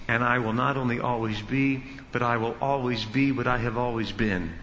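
A male pastor teaching an expository sermon, emphatic and building to loud peaks. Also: medium pitch, a little hiss or hum. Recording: dull reverberant hall sound.

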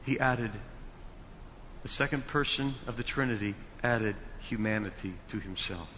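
A man preaching a sermon as pastor, slow and emphatic, building to loud stressed words. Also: medium pitch, slight background noise. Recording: dull sound with long hall reverb.

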